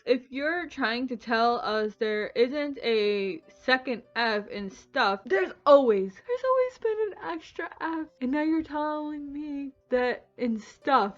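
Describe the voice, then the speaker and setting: A young woman vlogging her reactions in casual, animated talk, breaking into incredulous, swearing outbursts. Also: a little high, highs cut off. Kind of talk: reacting to Mandela effects, casual vlog.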